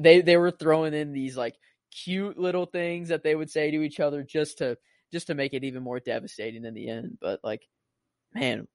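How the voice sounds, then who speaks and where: A man's voice: fairly high pitch, dry recording, studio quality. A man co-hosting a film podcast, talking casually and rambling with many fillers and restarts. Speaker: podcast co-host.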